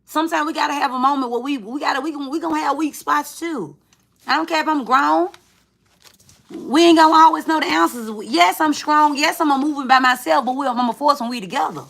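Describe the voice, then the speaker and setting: A woman's voice: high-pitched, brisk, creaky, fairly bright tone. A woman giving a tarot reading in casual, chatty talk, swearing freely and calling the viewer friend. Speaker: tarot reader.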